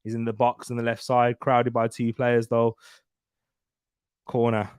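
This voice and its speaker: A man's voice: mid-range voice, monotone, a little slow, clean tone, no room sound, studio quality. A young man hosting a live football watchalong, chatting and laughing through casual match commentary. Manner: chatty, laughs often, banter. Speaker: watchalong host.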